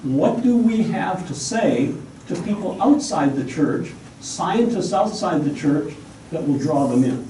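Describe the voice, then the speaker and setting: A man's voice: a little high, animated, measured pace, warm tone. Methodical man lecturing in an echoey room. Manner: methodical, lists points one by one. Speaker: guest presenter at a Sabbath school class. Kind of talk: outlined lecture with slides. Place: church classroom. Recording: echoey room, far from mic, faint hiss.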